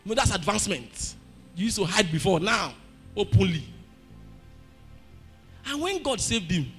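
A man with a Nigerian accent preaching a sermon, telling stories and breaking into shouted emphasis. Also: sits high, very animated, normal speed, soft background music. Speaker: pastor.

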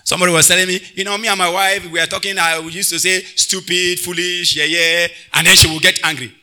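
A man preaching a sermon, swinging between loud bursts and quiet asides and slipping into pidgin phrases. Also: high voice, fairly even intonation, racing.

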